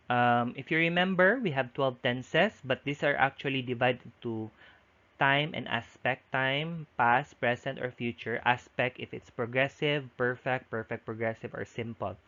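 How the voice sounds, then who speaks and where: A man's voice: medium pitch, fairly bright tone. Man giving a lo-fi recorded lecture. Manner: explanatory, with frequent restarts. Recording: dull lo-fi audio.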